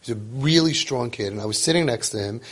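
A man's voice: mid-range voice, lively intonation, fast talker, fairly bright tone. A man coaching parents in an informal lecture, emphatic and repetitive, who drops Hebrew and Yiddish terms into his talk. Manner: acts out parents and kids in quotes.

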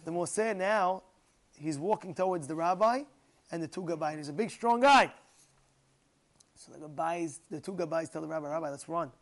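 A man's voice: fairly high pitch, normal speed, pauses often. A man teaching a religious class, telling a story with emphatic repetition. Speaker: Torah teacher.

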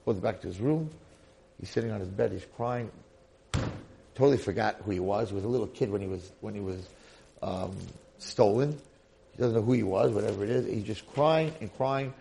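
A man giving a Torah lecture who tells a story in an animated, colloquial way. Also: on the low side, fairly quick, gravelly, slight background noise.

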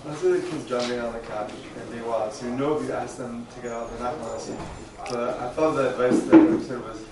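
A man's voice: mid-range voice, fairly even intonation, fast talker. A man in the class asking the teacher questions. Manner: asks questions. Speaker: student. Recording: distant echoey room with background noise.

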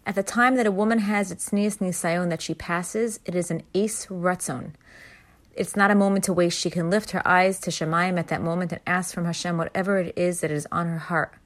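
A woman's voice: fairly low pitch, fairly even intonation, normal speed. A woman telling an earnest, heartfelt personal story to an audience of women, stressing her points with emphasis. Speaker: inspirational storyteller addressing women.

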